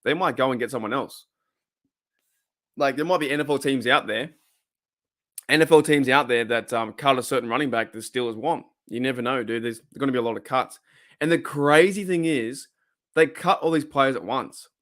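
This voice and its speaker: A man's voice: medium pitch, moderate pace, fairly bright tone. An Australian man in his thirties hosting a fan livestream, chatting casually with viewers in a rambling, laid-back way and repeating himself often. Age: 30s.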